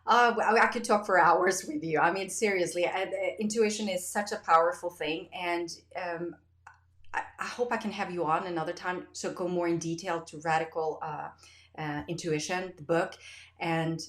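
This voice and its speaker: A woman podcast host chatting in an interview, effusive and telling stories with animated quoted voices. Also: lowish voice, moderate pace, reverberant. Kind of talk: casual interview chat.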